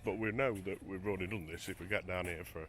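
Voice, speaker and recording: A man's voice: low-pitched, steady tone, fast, fairly bright tone, slight background noise. A man vlogging as he walks a beach at sunrise, chatting to camera and wondering aloud as he goes. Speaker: travel vlogger. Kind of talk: casual walking narration to camera. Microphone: handheld camera while walking.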